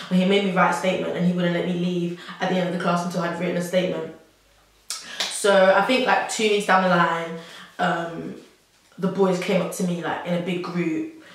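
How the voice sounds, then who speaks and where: A young woman tells a personal story to camera in a chatty, rambling way, full of "like" and nervous laughs. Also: lowish voice. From South London. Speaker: vlogger. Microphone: camera mic. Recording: very echoey room.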